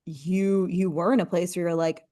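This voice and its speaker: Lower-voiced woman hosting an interview. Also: fairly even intonation, normal speed. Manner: encouraging, warm prompting questions. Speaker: podcast host. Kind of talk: casual interview.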